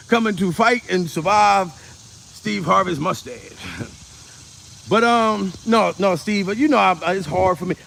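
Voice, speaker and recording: A man's voice: high-pitched, a little slow, gravelly, sharp tone, slight background noise. A man in his forties, a comedian, ranting casually to camera. He is profane and rambling and laughs often. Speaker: comedian vlogger.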